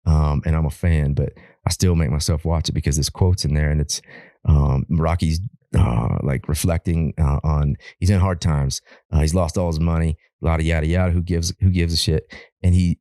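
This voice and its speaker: A man from Alaska talks as a podcast guest in a very low, mellow voice. He rambles through his stories with lively energy and salty language. The sound is close and dry, with no room around it. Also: dry recording. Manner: rambling, animated storyteller who swears freely. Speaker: podcast guest, wildland firefighter. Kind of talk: casual podcast conversation.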